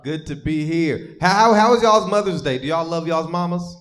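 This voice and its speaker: A man's voice: on the high side, normal speed, a crowd in the background. Profane, stammering young male stand-up comic. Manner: profane, rambling, stammering storytelling. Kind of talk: live stand-up set. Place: live comedy stage.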